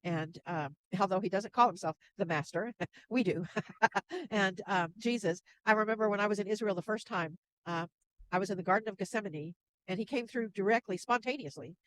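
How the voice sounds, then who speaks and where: Gentle woman spiritual channel. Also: medium pitch, brisk, background noise. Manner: gentle, laughs softly between thoughts. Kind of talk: casual interview chat.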